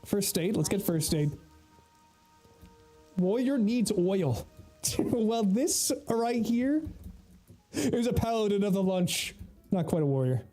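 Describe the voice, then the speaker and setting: A man's voice: sits high, slow, long pauses, mellow, faint music behind. A man livestreaming an online game in character, joking around in a put-on Scottish-Irish lilt and laughing often. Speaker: streamer role-playing in an online game. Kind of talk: in-character role-play livestream chat.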